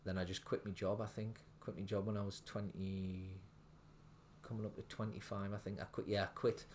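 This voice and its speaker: A man's voice: on the low side, flat delivery, fairly quick, a little mellow, slight background noise. A young man, a restaurant owner telling his story in a casual interview, rambling with lots of fillers and restarts. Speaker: restaurant owner, podcast guest.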